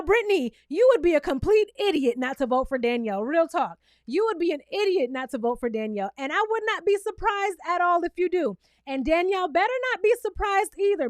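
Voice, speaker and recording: Sassy high-voiced woman recapping TV. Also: no echo, clean studio sound. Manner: sassy, animated, talks straight to viewers; acts out cast members' lines in playful voices. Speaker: reality TV recap vlogger. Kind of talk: casual episode recap.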